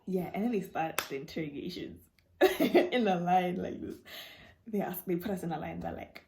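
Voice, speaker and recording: A young woman vlogger telling stories and answering viewer questions in a casual chat, acting out dialogue with sudden jumps in voice. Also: medium pitch. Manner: animated, acts out dialogue with quick voice jumps.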